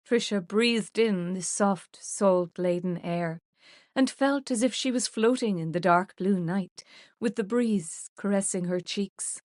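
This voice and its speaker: A woman reads scripted audiobook narration in a measured, even storytelling style. Her voice is medium-pitched, and the studio recording is clean with no echo.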